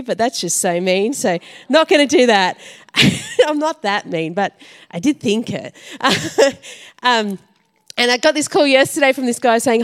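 A woman's voice: high-pitched, expressive, moderate pace. A woman leading a church service, telling a casual story to the congregation in a chatty way. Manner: chatty, with frequent fillers and laughs.

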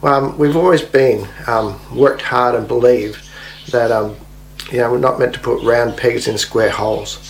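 A man's voice: medium pitch, unhurried, creaky, rough recording. Man, pastor, video message to his congregation, easy and encouraging, faint hum behind. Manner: friendly and encouraging, relaxed delivery. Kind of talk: recorded video message to a church.

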